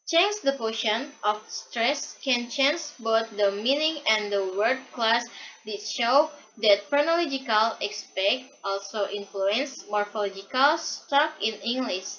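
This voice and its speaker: Young woman student, reading a class presentation, unhurried and halting, bright and slightly high voice. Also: slight background noise. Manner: reads a prepared script haltingly, with repeated restarts. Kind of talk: read-aloud class presentation. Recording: dull lo-fi recording.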